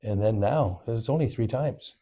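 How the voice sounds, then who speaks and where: A man's voice: medium pitch, normal speed, dark tone. A man co-hosting a podcast in casual conversation, mostly giving brief, agreeable replies. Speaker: podcast co-host. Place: indoors, in-person studio.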